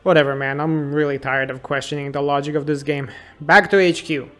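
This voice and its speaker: Sarcastic high-voiced man reviewing an old game. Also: steady tone, brisk, a bit bright, faint music behind. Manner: sarcastic, incredulous, exasperated. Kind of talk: comedic game retrospective narration.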